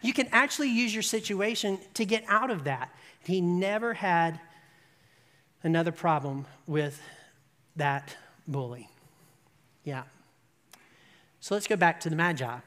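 A preacher telling an animated anecdote in a sermon, often checking in with the audience with "right?". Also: mid-range voice, unhurried, long pauses, in a large hall. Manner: animated storyteller, rising to emphatic peaks. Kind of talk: sermon storytelling.

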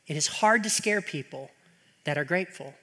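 Speaking at a normal speed, a middle-aged pastor preaches in a church sanctuary where his high, bright voice carries a long hall reverb. He swings between animated, exasperated rants laced with rhetorical questions and earnest teaching.

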